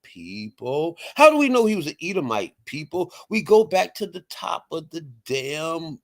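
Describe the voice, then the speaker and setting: Speaking a little slowly in a fairly high, sing-song voice, a man on his online show reads aloud from the screen and offers heated, casual commentary. He presses his point emphatically, saying "right?" and "people" again and again, and erupts into loud outbursts.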